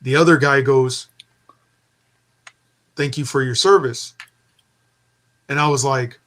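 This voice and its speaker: Man telling a lively story. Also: medium pitch, slow pace, pauses often. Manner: animated storytelling, acting out quoted dialogue. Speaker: storyteller in casual chat. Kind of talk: casual chat.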